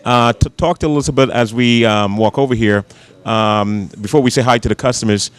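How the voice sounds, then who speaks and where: A man's voice: mid-range voice, brisk, clean tone. Chatty male TV host on location. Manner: chatty, repeats words while warming up questions. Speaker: TV show host. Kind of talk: on-location interview. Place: restaurant.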